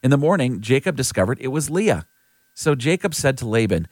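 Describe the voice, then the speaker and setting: A man giving a clear, steady scripted reading of scripture. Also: mid-range voice, fairly quick, no echo. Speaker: scripture reader.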